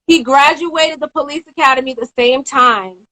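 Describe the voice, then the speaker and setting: A young woman in her twenties, an interview guest telling a story in a casual live-stream chat over a phone or video call, animated and quick to act out the people she describes. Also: high voice, low-quality recording.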